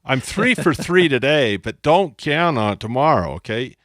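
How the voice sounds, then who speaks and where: A man's voice: mid-range voice, lively intonation, normal speed, fairly bright tone, no echo, studio quality. A man teaching a lesson at a board, playful and self-mocking, often repeating his phrases. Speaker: instructor. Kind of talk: explaining on a whiteboard.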